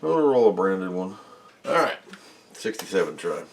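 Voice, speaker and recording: This repair-video host has a low-sitting, very animated voice with vocal fry, speaking at normal speed over a faint hiss or hum. He chats at his bench in a loose, self-mocking way, rambling and muttering as he fixes electronics.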